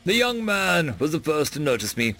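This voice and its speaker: Man reading stories out loud, gravelly voice, really animated delivery, soft music under it. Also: a little high, normal speed. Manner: expressive, dramatic reading. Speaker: story narrator. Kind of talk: scripted story reading.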